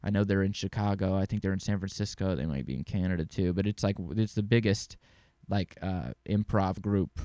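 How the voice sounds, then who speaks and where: A man's voice: deep voice, fairly quick, warm tone, no room sound, clean studio sound. A young man hosting his own podcast, talking casually and rambling, with frequent swearing and easy laughs. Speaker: podcast host. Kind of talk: casual solo podcast talk.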